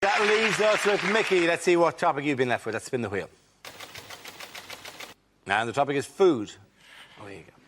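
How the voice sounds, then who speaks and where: A male host running rounds of a comedy panel show with brisk, matter-of-fact links. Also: on the high side, a bit bright, slight background noise.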